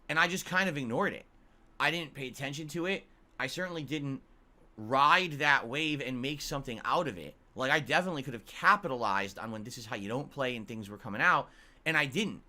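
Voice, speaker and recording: Forceful ranting man, bright voice. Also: mid-range voice, lively intonation, fairly quick. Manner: blunt and profane, keeps asking "right?". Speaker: YouTuber and streamer. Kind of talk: ranting monologue to viewers.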